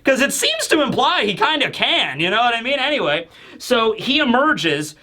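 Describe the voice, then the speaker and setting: A man reviewing a manga chapter in casual chat, animated and acting out the characters. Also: very high-pitched, moderate pace.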